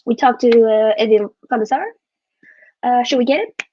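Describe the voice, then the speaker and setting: A woman's voice: a little high, fairly even intonation, normal speed, warm tone, dull audio, slight background noise, natural voice. A woman voicing a hesitant male football club executive with a put-on British accent, full of stammers. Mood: pleading.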